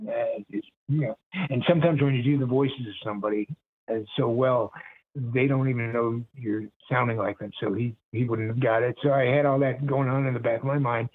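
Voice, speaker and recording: A man's voice: mid-range voice, fairly quick, husky. A middle-aged man from Ohio, a voice actor, casually telling stories and slipping into impressions. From Ohio, USA. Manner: animated storyteller who slips into impressions, chuckles often. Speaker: voice actor guest. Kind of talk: casual interview storytelling. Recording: tinny phone-line audio.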